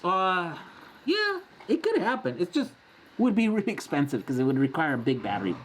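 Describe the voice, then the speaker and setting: A man's voice: sits high, big pitch swings, moderate pace, a little hiss or hum. A man in his forties hosting a casual live-stream Q&A, chatty and rambling, often laughing as he answers. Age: 40s.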